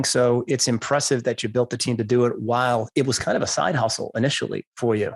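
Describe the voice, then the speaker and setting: The podcast host here runs a casual interview, joking at his own expense and asking meandering questions. He speaks a little fast in a mid-range voice with vocal fry, leaving few pauses.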